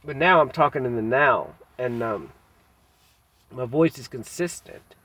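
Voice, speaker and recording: A man delivers a candid personal monologue in a husky, slightly rough voice at an ordinary mid pitch. He speaks haltingly and reflectively, with many fillers and pauses, then turns blunt and self-critical in plain casual slang. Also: fairly bright tone. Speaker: vlogger.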